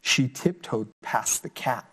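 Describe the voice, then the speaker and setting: A man teaching a children's lesson, reading a picture book aloud with expressive jumps up in pitch on the sound words. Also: takes it slowly, husky.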